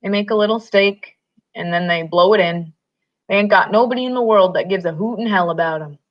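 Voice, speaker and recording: A woman voicing a weary, tough ranch hand who speaks flatly and quietly, in a slightly muffled recording. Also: medium pitch, brisk, natural voice. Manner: flat, quiet, terse.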